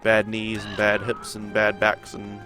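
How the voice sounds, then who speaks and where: A man's voice: lowish voice, monotone, a little slow, bright, forceful tone, soft background music. A young man with a nasal voice and a sore throat, chatting casually as he streams a game and answers his viewers. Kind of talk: casual chat during a live game stream.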